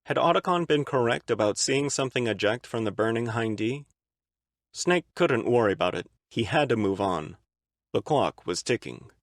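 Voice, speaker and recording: Expressive male audiobook narrator, dry sound. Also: medium pitch, dry recording. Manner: expressive, dramatic storytelling. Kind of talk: fan-read audiobook narration.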